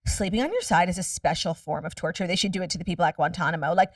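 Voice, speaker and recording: A woman with a fairly low voice guests on a podcast, chatting casually and telling stories in a candid, profane rush. The sound is clean studio quality with no room sound, though she sits far from the mic.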